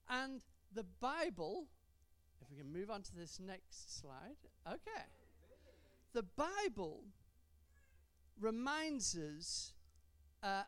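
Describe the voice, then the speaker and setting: A woman preaching a sermon in a church, stretching out key words for emphasis and adding gentle humour. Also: medium pitch, no echo.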